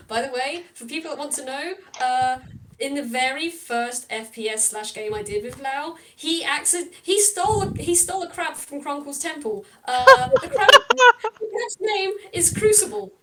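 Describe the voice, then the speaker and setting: A woman game master narrates a tabletop game in a chatty, digressive way. Her voice sits a little high and sounds set back from the microphone, with a faint hiss behind it. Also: expressive, normal speed, pushed and bright, recorded from a distance, low-quality recording.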